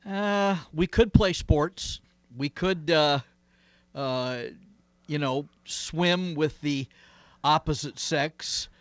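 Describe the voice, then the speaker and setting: Drawing out his words in a fairly high voice, a pastor shares stories and explains his faith as a guest in an interview. The recording is dry, and his reflective, earnest delivery is peppered with "uh"s and "you know"s.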